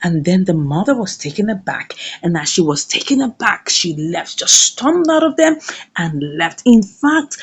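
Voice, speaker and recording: A woman who reviews movies, chatting casually as she recaps a drama series with animated storytelling. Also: on the high side, slightly rough.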